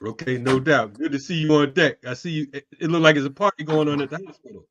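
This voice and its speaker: A man's voice: a little high, quick pace, slight background noise. Male call host, casual banter, stammery starts, muffled lo-fi audio. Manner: warm banter, repeats words. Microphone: video call.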